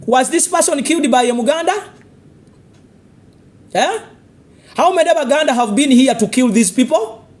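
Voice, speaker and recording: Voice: high-pitched, lively intonation, moderate pace, pauses often. A speaker with a Ugandan accent giving a live political commentary monologue, confrontational and full of rhetorical questions and repeated warnings.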